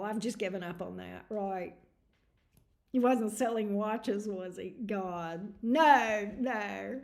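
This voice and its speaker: A snarky woman hosting a tarot livestream talks casually with her viewers, laughing often as she reads their messages aloud. She sounds tired, and her voice sits at an ordinary middle pitch. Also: takes it slowly, vocal fry.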